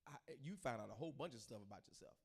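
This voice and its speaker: A man's voice: medium pitch, rapid-fire, husky. A middle-aged man, a pastor talking casually to his congregation and acting out the voices in his stories. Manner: animated storyteller, acts out quoted voices.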